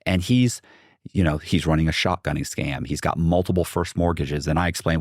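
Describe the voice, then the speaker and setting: Man, deep low voice, podcast guest, animated storyteller, swears, dry studio sound. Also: fairly quick, no echo. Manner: animated, acts out quotes, swears. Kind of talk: casual storytelling. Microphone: studio podcast mic.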